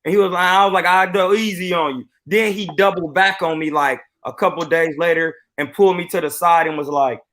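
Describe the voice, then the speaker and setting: A boxing coach telling a story on a live stream in an animated, boastful way. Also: male voice, fairly high pitch, fairly quick, few pauses.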